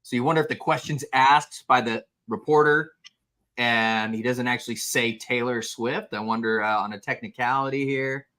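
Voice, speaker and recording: A man's voice: medium pitch, fairly even intonation, moderate pace, pushed and bright. A man co-hosting a sports betting podcast, talking in a laid-back, wry way. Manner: laid-back, wry, says dude a lot. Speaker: podcast co-host. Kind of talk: casual sports betting chat.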